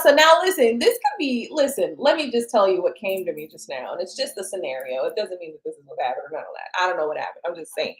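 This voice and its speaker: Animated woman hosting a live tarot stream. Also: mid-range voice, fast, hardly any pauses, low-quality recording. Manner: animated and chatty, laughs often, talks straight to viewers. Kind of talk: live stream chat, answering viewer comments.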